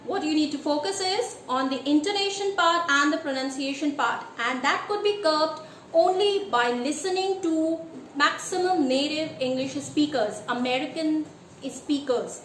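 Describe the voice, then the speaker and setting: A woman teaching English pronunciation in a deliberate, emphatic way, checking in with her listeners with a rhetorical "yes?". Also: high-pitched, fairly bright tone. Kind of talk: instructional lesson. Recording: echoey room with faint ambient noise.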